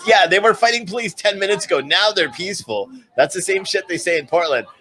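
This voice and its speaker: A man speaks to his live-stream viewers in a voice that sits a little high for a man. His commentary is sarcastic and ranting as he recaps events for them. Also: fast talker, bright, forceful tone. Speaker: livestream commentator.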